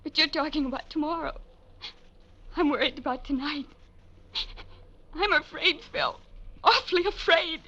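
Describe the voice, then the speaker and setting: A woman playing a frightened, anxious young woman in a vintage radio drama, speaking in a halting, pleading way. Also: high-pitched, muffled recording, natural voice. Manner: breathless, hesitant, halting. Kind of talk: 1940s radio drama acting.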